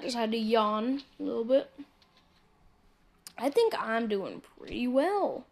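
A woman casually commentating a mobile game, chatting to viewers and muttering asides as she plays. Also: fairly high pitch. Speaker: gameplay commentator. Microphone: phone screen recording mic.

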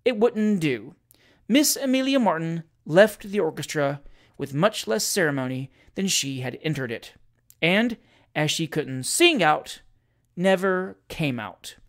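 A reader narrating a comic classic story aloud. The delivery is lively and theatrical, with a dramatic sense of timing. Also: mid-range voice, measured pace. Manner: lively, theatrical narration with shouted character lines.

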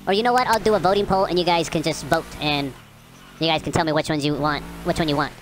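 A woman's voice: low voice, fast talker, music in the background. A woman hosting her own gaming channel, chatting casually and profanely while she plays. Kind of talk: casual gameplay commentary.

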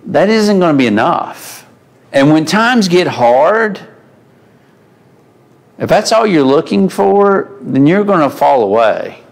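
A man leads a church Bible class at an unhurried pace. He talks in a folksy, conversational way and puts questions to the class. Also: mid-range voice, vocal fry. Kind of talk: mid-week Bible class lesson.

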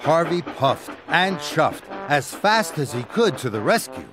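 An American man reads a children's story aloud at an unhurried pace. His pitch rises and falls with lively storytelling. Soft music plays underneath. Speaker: narrator. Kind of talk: storybook narration.

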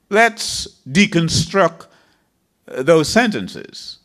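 A man's voice: high voice, very animated, takes it slowly, long pauses, fairly bright tone. A man preaching a sermon, reading scripture in a dramatic, emphatic way.

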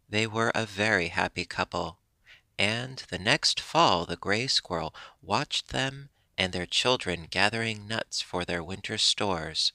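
A man narrating a children's animal story in a gentle, measured way. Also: on the low side, no room sound.

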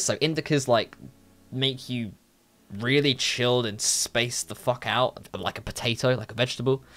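A young man, telling a story in a casual, animated way and swearing freely. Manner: animated, swears a lot, jumpy pitch. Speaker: vlogger.

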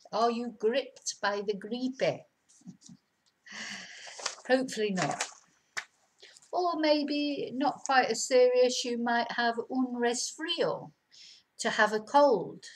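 A middle-aged woman teaching vocabulary in a casual lesson, chatty and slowing down to repeat words clearly. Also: a little high, rough recording. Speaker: language teacher. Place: home in Spain.

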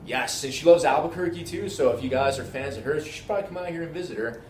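A man's voice: a little high, fast talker, a little mellow. A man who writes for a magazine chats jokily and laughs often during a home visit. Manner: upbeat and jokey, laughs often. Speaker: magazine interviewer. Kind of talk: casual chat. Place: vlogger's home. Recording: roomy echo with faint noise.

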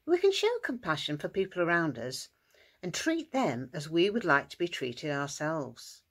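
A woman narrating a children's story at school worship in an expressive, sing-song way. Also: low voice, normal speed.

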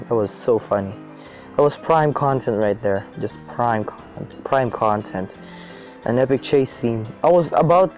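A young man casually commenting on his own gameplay as a channel host, excitable and swearing freely. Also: medium pitch, lo-fi sound. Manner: excitable, swears a lot, shrieks when chased. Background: faint background music.

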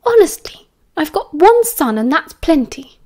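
A woman with a British accent voicing a brisk, warm young mother in an audiobook, with a lightly scolding manner. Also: high voice, animated. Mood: brisk fond.

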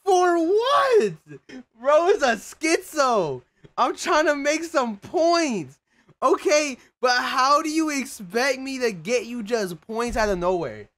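A young man of Mexican heritage chatting profanely with his livestream viewers, excitable and prone to sudden shouts and laughter. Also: extremely high pitch, slow pace. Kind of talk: casual livestream chat with viewers.

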